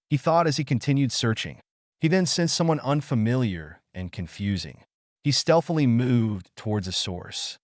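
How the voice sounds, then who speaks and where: Male narrator for fan story reading; animated delivery, dry. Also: mid-range voice, measured pace, dry recording. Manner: storytelling, reads all parts.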